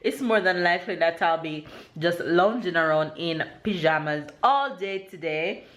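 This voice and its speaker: A young Jamaican woman, a mother, chatting casually to camera at home in a relaxed vlog style, laughing often and going very high-pitched when excited. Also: normal speed. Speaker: vlogger, mother. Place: at home indoors.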